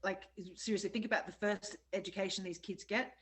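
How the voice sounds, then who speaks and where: A woman co-host whose voice sits at an ordinary middle pitch. She is effusive and warmly encouraging, breaking in often with praise and cheers. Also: fairly even intonation, fairly quick, low-quality recording. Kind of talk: casual chat.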